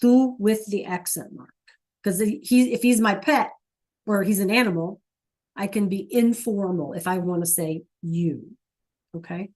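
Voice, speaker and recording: A woman's voice: medium pitch, a little slow, a little mellow. A woman teaching an online Spanish class, patient and coaxing, asking students question after question over a computer mic.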